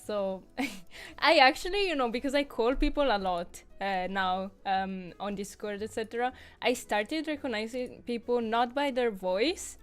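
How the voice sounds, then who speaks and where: Woman, Italian accent, casual chat, frequent laughs, halting restarts, faint music behind. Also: fairly high pitch, expressive, clean tone. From Italy. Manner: chatty, laughs often, many restarts. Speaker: podcast co-host.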